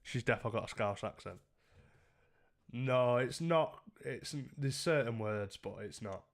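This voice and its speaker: A man's voice: mid-range voice, lively intonation, moderate pace. A man chatting casually and jokingly with his live-stream chat, swearing freely.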